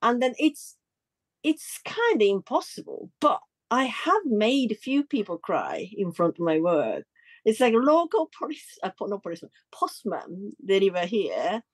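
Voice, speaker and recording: A woman's voice: normal speed, slightly rough, dry recording. A woman artist in a casual interview, searching for her words with many restarts and voice jumps when she tells stories. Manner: lively pitch jumps when telling stories. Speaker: artist guest.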